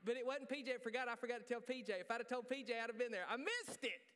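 A male pastor preaching a sermon in a church, joking and animated, poking fun at himself. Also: very high voice, fast talker. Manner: joking, animated, self-deprecating. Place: church sanctuary. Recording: reverberant church hall.

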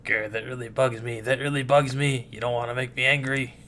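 A man's voice: medium pitch, flat delivery, brisk, sharp tone, close to an everyday voice. A man voicing a crafty, mischievous male fox who changes shape, boastful and grumbling.

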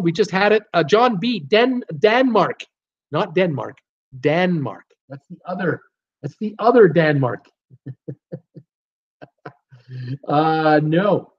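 A man's voice: a little high, muffled recording. A man from Canada hosting a casual live-stream trivia game, reading out viewer guesses and joking between them. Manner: reads viewer guesses aloud, chatty and joking.

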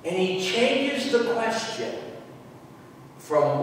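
A man preaching a sermon as pastor, emphatic and dramatic, with sudden loud outbursts. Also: a little high, lively intonation, takes it slowly, slight background noise. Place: church sanctuary. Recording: echoey church hall from far off.

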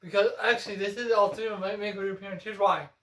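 A man's voice: high-pitched, fairly even intonation, fast talker, bright, forceful tone. A young man chatting casually about video games as a co-host, rambling and self-assured. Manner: rambling, self-assured, claims insider knowledge. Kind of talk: casual gaming chat. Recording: echoey room.

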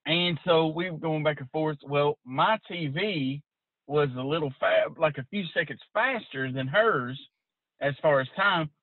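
A man hosting a podcast, heard over a dry, narrow, phone-like line with no room sound. He tells stories in an animated, chatty way, in a slightly higher-than-usual voice. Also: measured pace, dry recording. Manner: animated storyteller. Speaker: podcast host. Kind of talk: casual chat.

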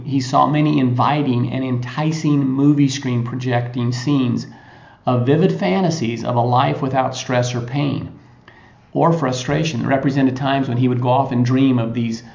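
A man hosting a motivational podcast, retelling a story in a conversational way with frequent pauses. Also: mid-range voice, fairly even intonation, vocal fry, a little mellow. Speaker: podcast host. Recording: echoey lo-fi recording.

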